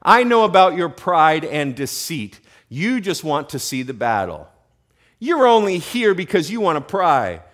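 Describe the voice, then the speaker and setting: Brief: sneering, scolding older brother, put on by a preacher in a sermon, pitched up and loud. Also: male voice, sing-song, unhurried. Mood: accusing. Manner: harsh, belittling. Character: angry scolding older brother, young man.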